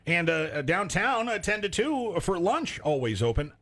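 A man's voice: high voice, very animated, moderate pace, fairly bright tone. A man hosting a local call-in radio show, chatting casually and reading back phone numbers. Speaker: radio host.

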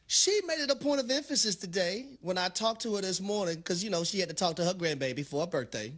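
A middle-aged man co-hosting a sports radio show, talking in a hyped, preacher-like sing-song that swells into shouts. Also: sits high, animated, quick pace. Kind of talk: animated sports radio banter.

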